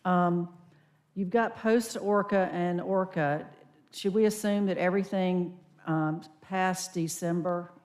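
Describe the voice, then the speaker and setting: A woman speaking as vice chair at a public county board meeting, asking direct, measured questions. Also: on the low side, fairly even intonation, a little mellow.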